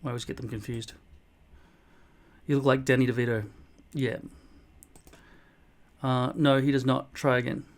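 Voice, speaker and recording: A man's voice: medium pitch, fairly even intonation, moderate pace, long pauses. A man, casually reading and answering viewer comments in a blunt, mock-boastful way, swearing often. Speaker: vlogger replying to comments. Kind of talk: casual comment-reply monologue.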